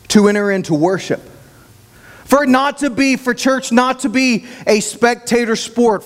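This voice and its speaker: A man's voice: very high voice, in a large hall. A man from Oklahoma with an Oklahoma accent, preaching a sermon as pastor in a folksy, self-deprecating way, often repeating words as he thinks.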